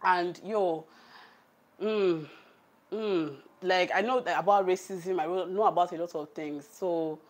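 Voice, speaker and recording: A chatty Nigerian-accented woman who laughs often hosts a cooking livestream, cooking on camera, reading the live chat aloud and talking casually with viewers. Her voice is fairly low and steady, and she speaks slowly. The audio comes from a camera on a tripod.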